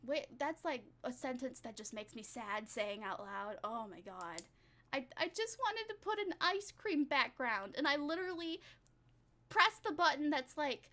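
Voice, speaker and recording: A young woman chats casually with her stream viewers, rambling from one thing to the next and making fun of herself between giggles. Her voice sits high. Its tone is bright and sharp. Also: lively intonation, normal speed. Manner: giggly, rambling, self-mocking. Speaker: vtuber streamer.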